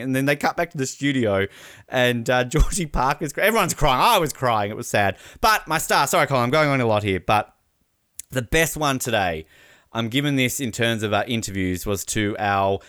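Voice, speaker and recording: A man's voice: medium pitch, a bit bright, clean tone, dry recording, studio quality. An Australian man co-hosting a podcast, chatting casually and animatedly, with rambling asides and laughter. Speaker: podcast co-host. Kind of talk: casual chat recapping sports.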